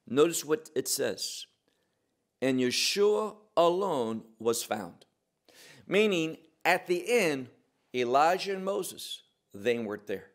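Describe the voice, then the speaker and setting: Slow, emphatic man teaching scripture. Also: fairly high pitch, big pitch swings. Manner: slow, emphatic, with pauses and restarts. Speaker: Bible teacher. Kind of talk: verse-by-verse Bible teaching.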